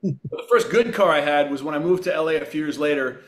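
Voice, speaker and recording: A middle-aged man from Long Island telling wry, relaxed anecdotes as a guest in a casual interview. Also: a little high, a little fast. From Long Island, New York. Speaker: actor and racer, guest.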